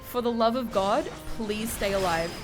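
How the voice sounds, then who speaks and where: A woman's voice: mid-range voice, normal speed. A tipsy woman streaming a game, cursing, muttering to herself and chat, now and then breaking into panicked shrieks. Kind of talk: live gameplay commentary. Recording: game music clearly under the voice. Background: game music.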